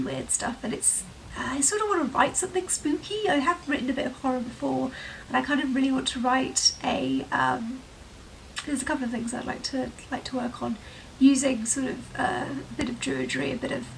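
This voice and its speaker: A woman's voice: high-pitched, vocal fry, a bit bright, far from the mic, a little hiss or hum, poor audio. A woman from England with a shifting English accent, chatting casually to camera, full of fillers. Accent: mixed English, with touches of Herefordshire, London and Welsh. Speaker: vlogger. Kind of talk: casual rambling chat to camera. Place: room at home with sunlight coming in.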